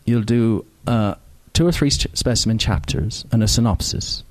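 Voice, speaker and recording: A man doing an impression of an older Irish woman novelist, giving brisk, matter-of-fact advice in an Irish accent. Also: lowish voice, darkish tone, lightly acted. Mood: breezy advising.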